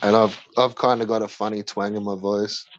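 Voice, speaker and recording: A man's voice: on the low side, flat delivery, a little fast, highs cut off. A man with an Australian accent, a streamer in brash, profane casual chat with viewers.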